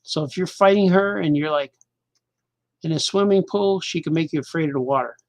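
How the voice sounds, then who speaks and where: A man's voice: fairly high pitch, fairly quick, dry recording. A middle-aged man hosting a casual show as a cartoonist, rambling and joking loosely, half talking to himself while he draws. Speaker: cartoonist and podcast host.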